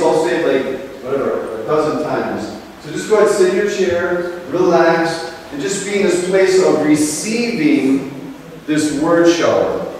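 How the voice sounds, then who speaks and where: A man leading a group through a guided healing meditation, speaking gently and slowly, heard from a distance in a large room. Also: fairly high pitch, slight background noise. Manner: gentle, slow, repetitive guidance. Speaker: ceremony leader. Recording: echoey hall, recorded from far off.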